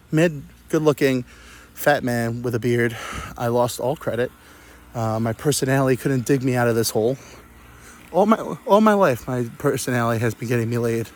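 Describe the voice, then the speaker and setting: A young man hosting a comedy podcast, telling a crude, self-mocking story full of digressions. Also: mid-range voice. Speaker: podcast host. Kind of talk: rambling comic storytelling.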